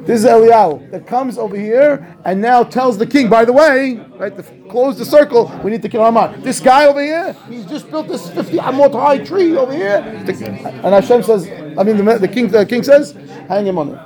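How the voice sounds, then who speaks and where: A man, a rabbi, teaching a class on a scriptural text, asking questions and answering them himself in a lively way. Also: high voice. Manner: animated, asks and answers his own questions. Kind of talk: Torah class commentary.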